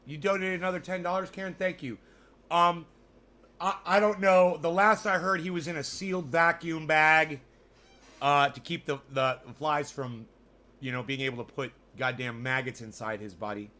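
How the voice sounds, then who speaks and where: A man livestreaming and chatting with his viewers, swearing freely and ranting between long filler pauses. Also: fairly high pitch, steady tone, sharp tone. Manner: profane, ranting, full of fillers. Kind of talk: casual livestream chat.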